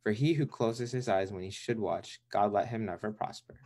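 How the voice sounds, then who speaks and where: A man's voice: on the low side, moderate pace, darkish tone, slightly rough. A man voicing a proud, vain male rooster in a storybook reading, with grand, formal speech. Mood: stern.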